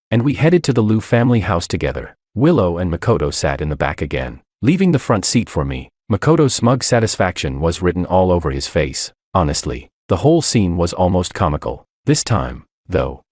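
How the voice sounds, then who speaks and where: Deep male narrator for a drama story, lively pitch, dry close sound. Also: no echo. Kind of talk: first-person story narration.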